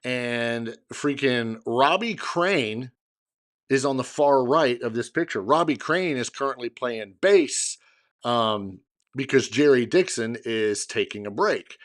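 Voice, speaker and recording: A middle-aged man with a voice of ordinary pitch, chatting as a podcast co-host. He tells his story in a loose, animated way, jumping into other people's lines as he goes. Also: slow. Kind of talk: casual storytelling chat.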